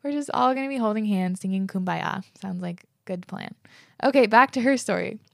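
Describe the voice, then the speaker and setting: A woman's voice: mid-range voice, normal speed, vocal fry, no room sound, studio quality. A woman in her twenties hosting a podcast, chatting casually and reading listener messages aloud with lots of fillers. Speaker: podcast host.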